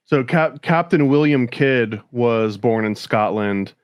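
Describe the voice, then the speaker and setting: Brief: young male podcast co-host, mid-pitched, enthusiastic, dry close mic. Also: slow, clean tone, dry recording, highs cut off. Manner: enthusiastic, fills with "like" and "um". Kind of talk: casual chat.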